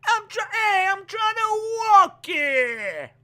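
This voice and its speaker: A man putting on a brash loud New York street guy. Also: very high-pitched, sing-song, slow pace, pitched above the performer's own voice, full character voice. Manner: exaggerated drawling stereotype accent.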